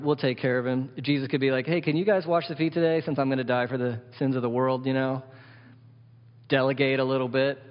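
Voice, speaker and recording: Preaching man in a reverberant hall. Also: mid-range voice. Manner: emphatic, asks the congregation questions. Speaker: pastor. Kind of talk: sermon. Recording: dull sound with long hall reverb.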